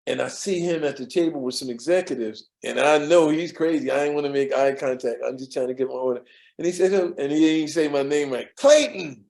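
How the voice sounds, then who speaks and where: A man's voice: mid-range voice, fast talker, vocal fry, a little mellow, poor audio. A man telling stories from his years as a studio assistant in an interview, rambling with frequent fillers and restarts. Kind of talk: storytelling interview.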